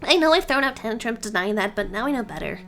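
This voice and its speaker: A woman voicing a shaken, high-voiced young student. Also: animated, fast talker, creaky, a bit bright. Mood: despairing. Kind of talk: reading game dialogue aloud.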